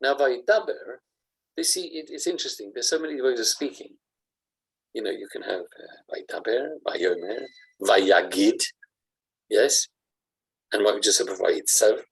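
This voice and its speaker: A man, a rabbi giving a Torah class, animated and jokey, acting out examples as he explains. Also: lowish voice, moderate pace, vocal fry, pauses often, husky, rough recording.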